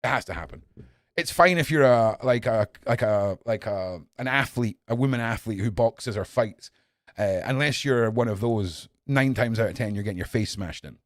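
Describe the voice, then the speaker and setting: A man hosting a podcast, reading headlines aloud and ranting at them, swearing often and swinging from low mutters to shouts. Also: moderate pace, no echo, clean studio sound. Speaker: podcast host reading news. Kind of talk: ranting news commentary.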